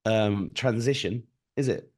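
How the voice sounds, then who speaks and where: A man's voice: fairly low pitch, a little slow. A middle-aged man from Britain, a guest telling stories in casual conversation and acting out the voices in them. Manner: animated storyteller, acts out voices in anecdotes.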